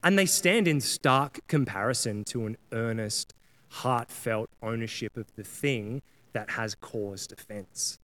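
A man's voice: medium pitch, measured pace, fairly bright tone. A man preaching a sermon in a casual, earnest way, often acting out prayers and apologies in quoted voices. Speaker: pastor.

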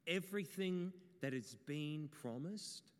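A man's voice: on the high side, takes it slowly, clean tone. A man preaching a sermon, telling stories and speaking straight to his listeners. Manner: storytelling, animated, addresses the audience directly. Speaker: pastor. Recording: long reverb in a hall.

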